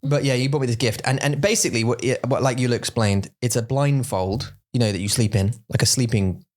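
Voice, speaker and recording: Pria yang bercerita dengan hidup. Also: male voice, medium pitch, brisk. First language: English. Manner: animated storytelling, acts out voices for effect. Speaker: podcast co-host. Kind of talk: casual bilingual chat.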